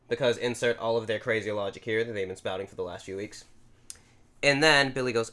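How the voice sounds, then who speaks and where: A man of middle pitch co-hosting a casual podcast. He recaps events with animated storytelling and slips into quick acted-out quotes. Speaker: podcast co-host.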